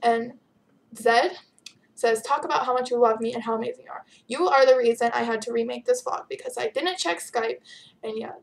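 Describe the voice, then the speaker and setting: A teenage girl talking through a vlog in a chatty, giggly way, her voice pitched a bit high with a gravelly fry. She sounds worn out but keeps things bubbly. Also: brisk. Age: teens. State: tired. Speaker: vlogger answering viewer questions. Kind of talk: casual chat.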